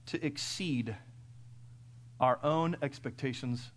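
A middle-aged man preaching a sermon in a folksy way, firing off rhetorical questions and swinging from loud to hushed. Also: mid-range voice, takes it slowly. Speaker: pastor.

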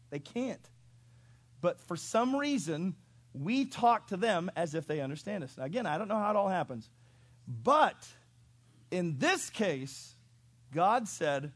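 A male pastor preaching a sermon in an animated storytelling way, chuckling and asking the congregation questions. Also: a little high, moderate pace, no room sound.

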